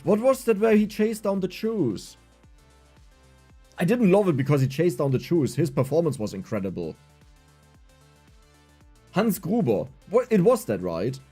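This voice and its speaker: Chatting casually while gaming on his livestream, a young German-accented streamer speaks in an unhurried, husky voice with a mellow, darker tone. His lively, rambling talk has big pitch swings, long pauses, and frequent restarts, with soft game music faintly underneath.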